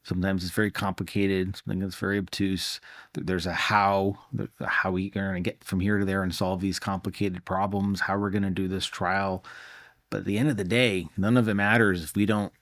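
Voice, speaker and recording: Very deep-voiced earnest doctor. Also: male voice, little pitch movement, a little fast, a bit bright, no echo, clean studio sound. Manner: earnest, often doubles words when starting a thought. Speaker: physician and cancer researcher. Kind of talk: reflective answer in an interview.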